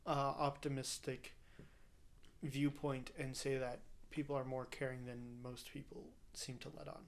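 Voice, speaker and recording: A woman's voice: a bass voice, little pitch movement, measured pace. A woman co-hosting a podcast in casual chat, earnest and musing, drifting into philosophical asides. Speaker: podcast co-host.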